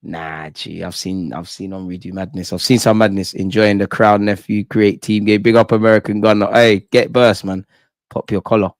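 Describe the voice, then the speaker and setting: A young man hosting a football fan channel does a live post-match reaction stream, ranting excitedly with slang and swearing and reading chat aloud. His pitch is fairly low and his pace moderate, in a dry, close recording with no room sound.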